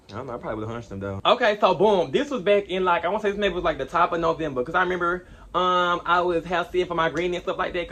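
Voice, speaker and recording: A young man telling a storytime vlog in an animated, slangy way, rambling with asides. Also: fairly high pitch. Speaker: vlogger.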